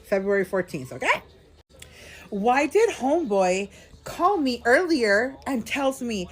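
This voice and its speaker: A vlogger who's a little tipsy vents to her viewers from a hotel room in a casual storytime, chatting away and calling them girl and y'all. Her fairly high voice is sing-song and slow, with a breathy edge.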